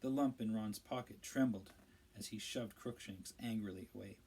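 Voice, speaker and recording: A man narrating a storybook aloud in a steady, measured read-aloud style. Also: fairly low pitch, slightly rough, low-quality recording. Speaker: audiobook reader.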